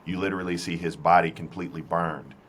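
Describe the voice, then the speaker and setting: Brief: deep-voiced male commentator, earnest, restarts often. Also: fairly even intonation, fast, a little hiss or hum. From South Carolina. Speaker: political commentator. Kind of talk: casual interview talk.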